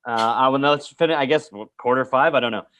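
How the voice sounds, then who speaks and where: A man's voice: mid-range voice, a little fast, a bit bright, clean tone, highs cut off. A man hosting a podcast, telling rambling, jokey school stories in casual chat and reading old reports aloud. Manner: rambling, jokey, reads aloud and acts out quotes. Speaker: podcast host.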